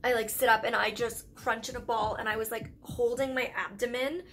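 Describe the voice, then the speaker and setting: A woman's voice: a little high, fairly even intonation, brisk, a bit bright, soft background music. A young woman from Canada with a Canadian accent, telling a personal story in a candid, chatty vlog full of "like" fillers. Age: young adult. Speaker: YouTube vlogger.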